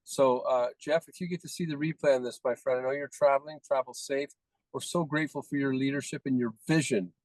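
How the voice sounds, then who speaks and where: A man's voice: mid-range voice, fairly even intonation, brisk, no echo, poor audio. Effusive man praising his team. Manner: warm, effusive praise with repeated phrases. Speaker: team leader presenting recognitions. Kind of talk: upbeat team call.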